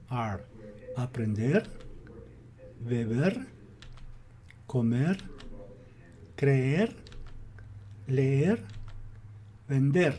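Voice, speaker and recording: A man with an Ecuadorian Spanish accent teaching a grammar lesson, reading out verb lists in a slow, deliberate manner. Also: on the high side, mellow, slightly rough. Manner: slow, deliberate, drills word lists aloud.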